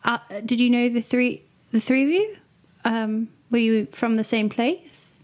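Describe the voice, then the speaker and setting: Player: woman, higher voice, gentle and hesitant in character. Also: a little slow. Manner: gentle and hesitant, many fillers. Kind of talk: in-character tabletop role-play.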